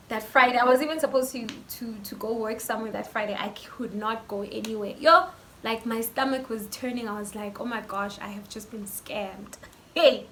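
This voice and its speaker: Young-sounding South African woman, casual phone-recorded vlogger, animated and chatty, slightly high voice, a faint background hiss. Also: gravelly. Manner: animated, chatty, lots of fillers. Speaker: YouTuber. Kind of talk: casual storytime vlog. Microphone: phone camera.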